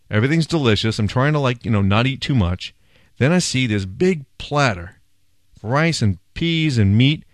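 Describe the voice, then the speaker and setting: A man's voice: on the low side, no echo, clean studio sound. A man, a food blogger, telling a story in a casual, enthusiastic way and talking straight to his listeners.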